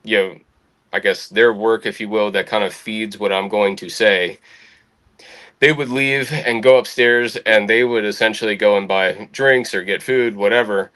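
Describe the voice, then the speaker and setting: A young adult man spins a casual anecdote with a slightly low voice. He swears freely and lifts his pitch to act out the people he quotes. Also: fairly even intonation, moderate pace, fairly bright tone. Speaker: podcast guest. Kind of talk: casual storytelling.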